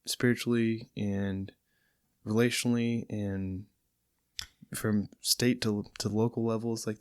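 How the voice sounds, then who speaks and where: A man's voice: fairly low pitch, no echo. A man from California, a podcast guest in a studio, talking earnestly and reflectively. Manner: earnest, reflective, speaks about faith. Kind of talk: casual podcast conversation.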